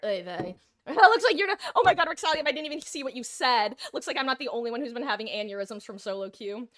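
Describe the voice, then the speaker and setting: A woman streaming a game live, pleading and exasperated, swinging between loud outbursts and low muttering. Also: expressive, fast talker.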